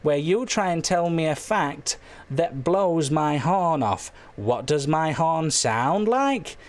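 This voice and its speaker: A man hosts a comic late-night phone-in, his voice pitched a little high and slightly hoarse. He rambles through absurd claims with deadpan silliness. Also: slow. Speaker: phone-in show host.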